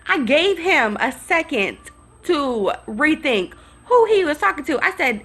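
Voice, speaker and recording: A young woman with a bright, forceful voice tells a storytime vlog with plenty of sass and attitude. She sits a little high in pitch and acts out the other people in her story as she goes. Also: big pitch swings, a little slow. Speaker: vlogger.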